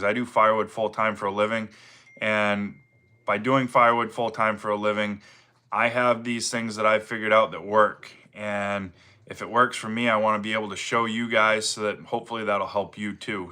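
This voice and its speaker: Middle-aged guy w a maine accent doing a chill livestream, bright punchy voice, says hi to folks by name. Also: lowish voice. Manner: easygoing, greets viewers by name, many fillers. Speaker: livestream host, firewood seller. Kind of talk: casual livestream chat reading viewer comments.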